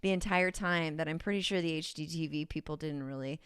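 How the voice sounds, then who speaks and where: Californian woman, podcast guest, rambling, giggly, smooth lowish voice, dry close sound. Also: a little fast, dry recording. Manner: rambling, giggly, many fillers. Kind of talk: casual chat.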